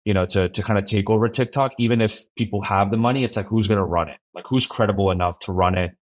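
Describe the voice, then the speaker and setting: A man speaking as a podcast guest in a relaxed, rambling way, with frequent restarts and fillers. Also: fairly low pitch, fast. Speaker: podcast guest, brand creative officer. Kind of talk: casual interview chat.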